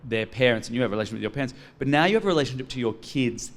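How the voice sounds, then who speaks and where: A theatrical, camp man hosts a podcast in front of a live audience. His voice sits at a middle pitch, and he tells his stories with plenty of flair. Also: expressive, very fast. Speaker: podcast host.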